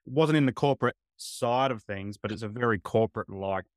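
Earnest male podcast host, low voice. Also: a little fast, dry recording, studio quality. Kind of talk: casual podcast interview.

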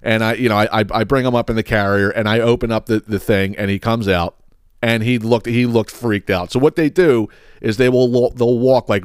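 A man's voice: on the low side, smooth, no room sound, clean studio sound. A man hosting a podcast, ranting heatedly with plenty of profanity. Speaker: podcast host.

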